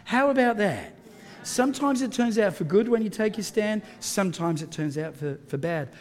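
High-voiced Australian pastor preaching. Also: male voice, expressive, moderate pace. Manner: conversational, many fillers and restarts, emphatic. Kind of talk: sermon with personal storytelling.

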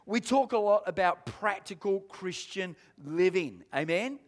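High voiced guy preaching, gets loud and punchy, keeps asking the church amen?. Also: animated, measured pace, faint music behind. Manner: emphatic preaching, rising to shouts; addresses congregation with questions and amens. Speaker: pastor. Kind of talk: sermon.

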